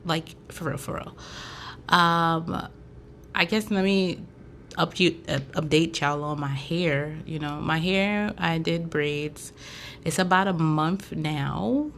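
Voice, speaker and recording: A woman's voice: low voice, slow pace, a bit bright, slight background noise. A woman from Haiti hosting a casual chat show, talking loosely with lots of fillers. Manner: chatty, loose, full of fillers. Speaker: podcast host and braider.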